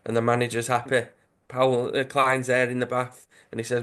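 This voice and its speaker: A man's voice: mid-range voice, a little fast. A man with a Dudley accent casually retelling a football comic story on a podcast, acting out the quotes. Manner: animated storyteller, acts out quotes with self-corrections. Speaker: podcast co-host.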